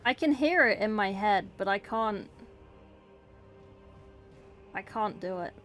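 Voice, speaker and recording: A woman's voice: mid-range voice, lively intonation, takes it slowly, a bit bright, faint music behind. A woman streamer chatting casually while painting, self-deprecating, swearing and giggling. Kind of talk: casual livestream chat.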